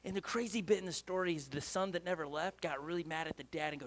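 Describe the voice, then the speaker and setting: A man's voice: a little high, quick pace. A male pastor preaching a sermon with energy, asking rhetorical questions and often restarting his sentences.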